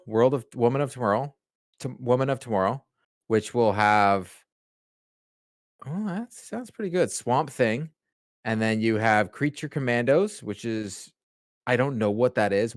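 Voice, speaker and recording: A man's voice: mid-range voice, no room sound, clean studio sound. A man co-hosting a podcast, bluntly reading out a list in a casual chat. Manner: reads out lists, blunt and matter-of-fact. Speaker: podcast co-host.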